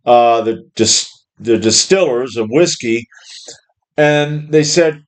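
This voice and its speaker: A man's voice: medium pitch, slow. A middle-aged man ranting angrily about his job and the system, profane and rambling. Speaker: worker ranting about jobs. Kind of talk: angry monologue rant.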